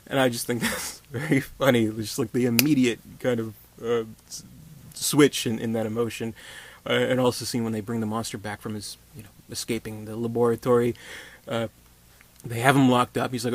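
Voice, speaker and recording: Casting: chatty male movie reviewer, mid-pitched, rambling delivery, dry close sound. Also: level tone, a little fast, dry recording. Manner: rambling, many fillers and restarts. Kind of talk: casual film review.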